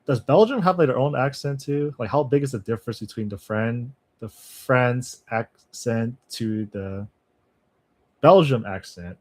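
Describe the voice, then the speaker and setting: A man chats loosely with his viewers on a livestream, often breaking into laughter. His talk wanders, with half-finished thoughts and quick asides. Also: medium pitch, darkish tone. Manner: chatty, laughs often, thinks aloud with trailing asides. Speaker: language-learning streamer. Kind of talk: casual livestream chat with viewers.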